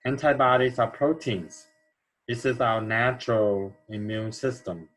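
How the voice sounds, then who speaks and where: A man's voice: medium pitch, fairly even intonation, a little slow, a bit bright, low-quality recording. A man teaching an English grammar lesson, explaining answers step by step and checking in with "okay?" as he goes.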